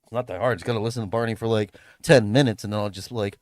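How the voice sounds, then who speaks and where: A man's voice: on the low side, fairly even intonation, racing, no room sound, clean studio sound. A young man from the Philippines, chatting on a livestream in a rambling way, full of fillers and restarts. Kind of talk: casual livestream chat. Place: home room, tidying up. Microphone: streaming mic.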